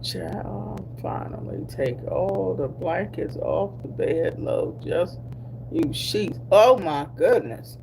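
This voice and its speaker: A middle-aged woman from Delaware vlogs a casual live chat, drawling slowly in Black American English with an easygoing mix of laughter and asides. Her lowish voice is expressive, creaky, and a little mellow, with slight background noise.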